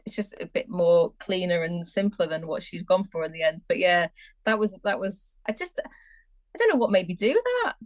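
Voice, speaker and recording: A woman's voice: on the low side, lively intonation, normal speed, dry recording. A woman, a business owner guesting on a podcast, chatting casually and quoting what people said to her. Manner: chatty, laughing, quoting others. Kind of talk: casual chat.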